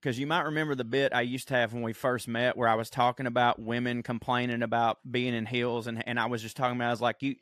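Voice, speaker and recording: A man co-hosting a podcast, telling profane, animated stories in casual chat and acting out the quotes. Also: medium pitch, quick pace, few pauses, no echo, studio quality. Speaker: podcast co-host.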